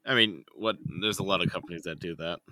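A man's voice: sits low, quick pace, pushed and bright, a little hiss or hum. A man co-hosting a podcast in casual chat, laid-back and sweary, laughing often. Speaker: podcast co-host.

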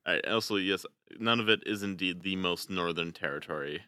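Very deep, bright-voiced playful man. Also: fairly quick, smooth. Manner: laughs often, playful, stumbles over words. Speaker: podcast co-host. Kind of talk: casual chat.

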